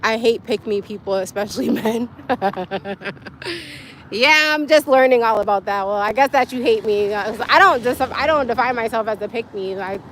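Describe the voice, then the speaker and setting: A woman's voice: fairly high pitch, moderate pace, a bit bright, a little hiss or hum. A young woman hosting a casual livestream from her phone, talking candidly with viewers in a rambling way and laughing often. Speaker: livestream host. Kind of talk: casual live-stream chat with viewers.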